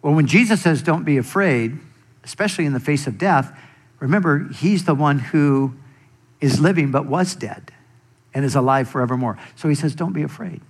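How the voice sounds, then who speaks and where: A man preaching a sermon as pastor, speaking deliberately and giving quoted scripture extra weight. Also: on the high side, lively intonation, breathy edge.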